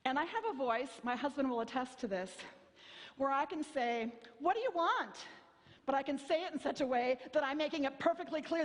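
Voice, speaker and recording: A woman pastor in her fifties delivers a sermon with a slightly high voice. She tells stories in a wry, self-mocking way and acts out voices. The sound carries a long reverb from the church hall. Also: fairly quick. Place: church sanctuary.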